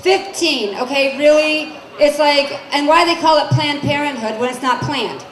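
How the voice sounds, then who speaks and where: A woman's voice: high voice, moderate pace, fairly bright tone. A woman in her forties doing a stand-up comedy set on a club stage, brassy and chatty, questioning the crowd. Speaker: stand-up comic. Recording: echoey club with crowd noise. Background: crowd laughter and room noise.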